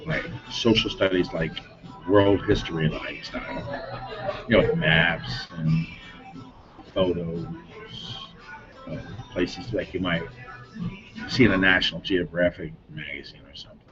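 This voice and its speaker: A man's voice: deep voice, fairly even intonation, a little slow, pauses often. A middle-aged man from Denver telling stories in a rambling, casual way as an interviewee, often chuckling and trailing off mid-sentence. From Denver, Colorado. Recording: dull lo-fi recording with music.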